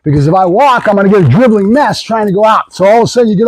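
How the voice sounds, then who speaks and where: Husky high-voiced man talking dog training. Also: animated, racing, dry recording, rough recording. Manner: blunt, repetitive, with fillers and restarts. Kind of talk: casual talk to camera.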